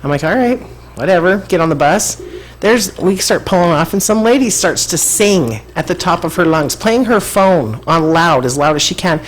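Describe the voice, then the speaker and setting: A woman with a low-set voice spins a casual story on a podcast. She talks bluntly and swears freely. She jumps into loud, animated retellings of what everyone said. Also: normal speed, slight background noise, low-quality recording. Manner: animated, blunt and profane, acts out quotes loudly. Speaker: podcast co-host.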